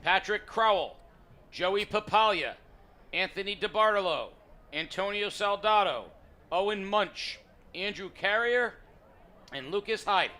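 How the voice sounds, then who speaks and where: A man's voice: high voice, expressive, a little slow, sharp tone. A man calling play-by-play at an outdoor track meet, reading out the entrants and leaders. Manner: reads names and calls the race plainly. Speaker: play-by-play announcer. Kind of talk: live sports commentary.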